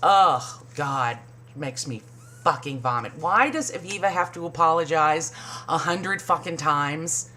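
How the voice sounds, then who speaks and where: A woman's voice: a little slow, bright, forceful tone. A woman recapping a reality show in casual, profane commentary, sarcastic and mocking. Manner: sarcastic, swears a lot, mimics people in high voices.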